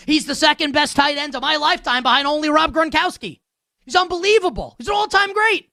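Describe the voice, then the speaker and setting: A woman's voice: high-pitched, fairly quick, pushed and bright, no echo, studio quality. A woman hosting a sports show, ranting with heated sarcasm.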